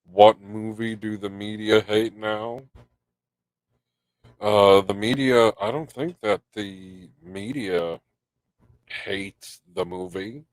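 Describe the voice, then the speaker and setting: A man's voice: fairly low pitch, dry recording. A man with a stuffed-up nose hosting a live stream, rambling casually, swearing and reading chat aloud.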